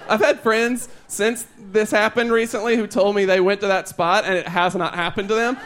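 Young man, high voice, stand-up comic on a live stage, loose rambling storyteller, faint hiss behind. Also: steady tone, normal speed, hardly any pauses, fairly bright tone. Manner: chatty, rambling storytelling with asides. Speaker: stand-up comedian. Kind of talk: stand-up comedy set. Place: comedy stage before a live audience.

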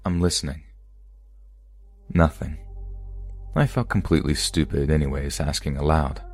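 A man reading true scary stories aloud as a podcast narrator, in a calm, even storytelling delivery. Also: very deep voice, normal speed, vocal fry, faint music behind.

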